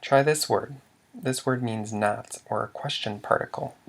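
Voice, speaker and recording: Gravelly-voiced man teaching a slide lesson. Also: mid-range voice, a little hiss or hum. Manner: measured, stops to restart words, asks then answers questions. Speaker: language teacher.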